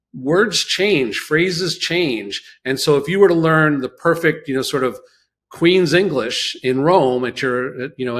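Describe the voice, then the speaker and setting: A man from the New York area, a chef guest telling stories in a casual chat and acting out quotes. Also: medium pitch. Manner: storytelling, animated, acts out quotes.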